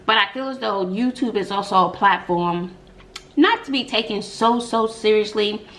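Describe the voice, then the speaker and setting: A middle-aged woman hosting an eating show, chatting and telling stories between bites, with drawn-out "mm-mm" asides. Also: mid-range voice, a bit bright. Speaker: mukbang host. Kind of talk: chatty storytelling while eating.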